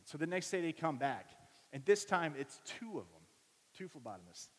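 An animated man in his thirties preaches from the pulpit, his somewhat high voice carrying a long reverb through a big church hall. He tells family stories and jumps into the voices of the people in them. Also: normal speed. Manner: animated storytelling, acts out voices of family members. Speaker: pastor. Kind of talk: sermon with personal stories.

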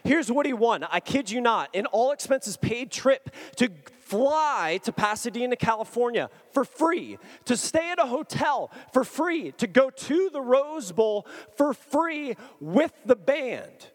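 A man in his thirties telling a comic personal story to an audience, excitable and animated. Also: very high voice, unhurried, hardly any pauses. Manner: excitable, animated, acts out chat messages. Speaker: speaker addressing an audience.

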